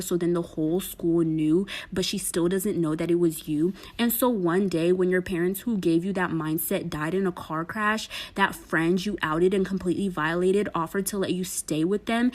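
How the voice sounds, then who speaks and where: A woman with a lower voice walks through a storytime prompt in a steady, matter-of-fact way. Her delivery stays plain and unhurried. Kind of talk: storytime narration.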